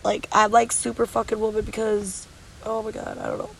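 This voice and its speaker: A woman on the beach records a candid confessional vlog after no sleep, worn out, teary, and congested as she rambles in a weary, blunt, swearing way. Her medium-pitched voice swoops wildly and moves briskly, with vocal fry and a breathy edge. The audio is poor.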